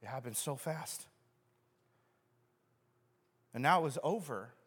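Male pastor, sermon, lively storyteller acting out scenes, long church-hall reverb. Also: mid-range voice, takes it slowly, breathy edge. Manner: animated storyteller who acts out scenes.

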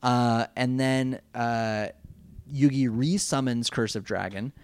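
A man's voice: medium pitch, steady tone, takes it slowly, clean tone. A man recapping a cartoon episode in a rambling, jokey casual chat, full of fillers. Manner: rambling and jokey, with many fillers and mock voices. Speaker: podcast co-host recapping an anime.

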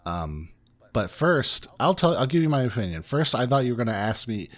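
A man's voice: medium pitch, big pitch swings, a little fast. A man from the States, chatting casually and animatedly about a film and swearing freely. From southern United States. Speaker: podcast co-host.

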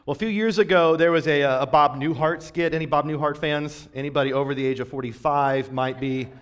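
A male pastor in his forties preaches in a relaxed, conversational tone, with a voice that sits somewhat high for a man. He keeps drawing the congregation in with rhetorical questions, and his pace and volume ease up and down as he builds his points. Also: brisk, clear, resonant tone. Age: 40s. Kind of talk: sermon.

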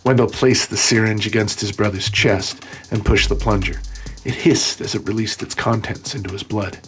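A man narrating an audiobook in a steady, measured way. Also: lowish voice, soft background music. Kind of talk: scripted narration.

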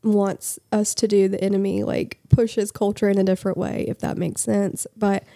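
Earnest woman with a mellow voice. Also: medium pitch, flat delivery, moderate pace, vocal fry, no room sound, clean studio sound. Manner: earnest, thinking aloud with fillers. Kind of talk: casual faith discussion.

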